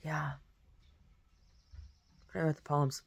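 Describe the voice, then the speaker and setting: A woman, a painter and poet, chatting casually and at length, rambling softly with many restarts. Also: low voice, level tone, very slow, slightly rough, dry recording. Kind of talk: casual monologue.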